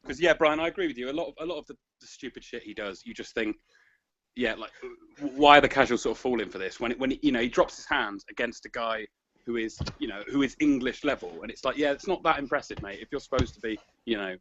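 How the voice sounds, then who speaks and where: A man's voice: medium pitch, fast, fairly bright tone. A man co-hosting a boxing podcast, chatting in a rambling, casual way. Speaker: podcast co-host. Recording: dry lo-fi podcast audio.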